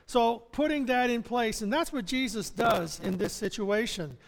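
A man's voice: very high-pitched, moderate pace, gravelly. A man preaching a sermon as pastor, in a conversational way with chuckles and restarts. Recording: long hall reverb.

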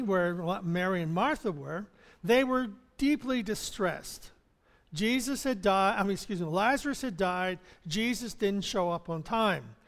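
A man preaching a sermon as pastor, in a conversational way with chuckles and restarts. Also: high voice. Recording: long hall reverb.

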